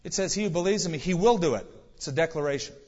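A man's voice: expressive, racing, a little mellow. A man preaching a sermon, working through numbered points with rhetorical questions and sudden bursts of emphasis. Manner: sudden rises in pitch and volume for emphasis. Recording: long hall reverb, dull lo-fi sound.

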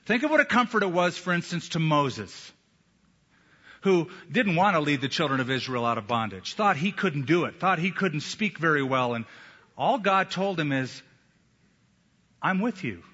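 Male pastor, sermon, emphatic, bright forceful tone, dull lo-fi sound. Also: a little high, lively intonation. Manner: emphatic, slow deliberate pauses. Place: church sanctuary. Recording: echoey hall, dull lo-fi sound.

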